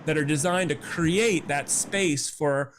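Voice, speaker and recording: A man speaking as an interviewee in a news clip, phrasing things carefully with pauses. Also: on the high side, slight background noise.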